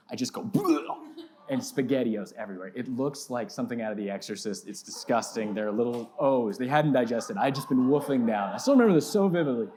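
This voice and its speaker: A man's voice: a little high, darkish tone, slight background noise. A man in his thirties preaching as a pastor, telling a self-mocking story with big swings in his voice. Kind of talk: storytelling sermon. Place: church sanctuary.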